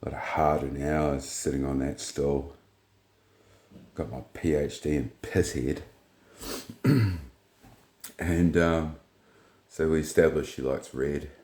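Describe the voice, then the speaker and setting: Man, extremely deep, dark and mellow voice, blunt profane storytelling, echoey room. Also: slow, pauses often. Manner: blunt, profane, rambling, retells dialogue in flat quotes. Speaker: vlogger. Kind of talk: casual storytelling monologue.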